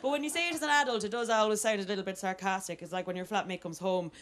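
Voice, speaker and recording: A woman's voice: medium pitch, very fast, fairly bright tone. A young Irish woman hosting a live stand-up comedy night, chatty and self-mocking, breaking into squealed exclamations. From Ireland. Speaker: comedy host. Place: live comedy venue with audience. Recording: live stage recording with audience noise.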